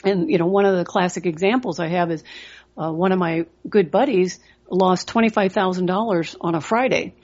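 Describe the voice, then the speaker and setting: A woman's voice: fairly low pitch, normal speed, a little mellow, muffled recording. A middle-aged woman hosting a trading podcast, giving motivational talk and telling stories in an earnest way with lots of "you know" fillers. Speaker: trading coach and podcast host.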